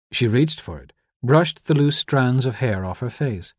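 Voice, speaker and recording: Reading scripted audiobook narration, a man with a mid-range, slightly rough voice keeps an even, measured storytelling pace. The studio sound is clean, with no room sound.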